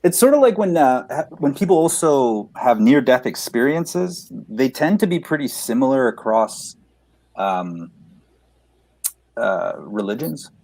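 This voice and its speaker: A man on a casual podcast explains ideas steadily, sometimes reading a passage aloud. His voice sits at a middle pitch. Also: very animated, unhurried, a little mellow. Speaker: podcast guest.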